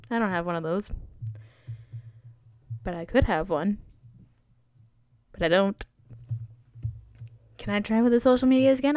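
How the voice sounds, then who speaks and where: Hosting a solo podcast, a young woman chats and rambles, making fun of herself, drifting between topics and using plenty of fillers. Her mid-range voice is a little mellow, and the recording is dry.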